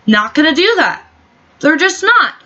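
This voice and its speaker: Woman vlogger, high sharp voice, profane sarcastic rant, dull lo-fi audio. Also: sing-song, unhurried. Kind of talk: ranting commentary vlog. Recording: dull lo-fi recording.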